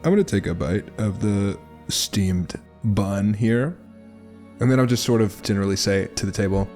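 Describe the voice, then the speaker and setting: A man's voice: lowish voice, steady tone, normal speed, a little mellow, soft background music. A man playing in a tabletop role-playing game, bantering in character with sarcastic, defensive remarks. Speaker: player.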